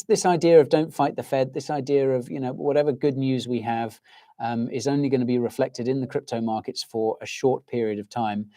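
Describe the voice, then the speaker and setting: A man's voice: medium pitch, warm tone. A middle-aged English man hosting a livestream in casual chat, with a soothing, soporific voice, rambling and ranting as he reacts to viewers' comments. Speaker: livestream host.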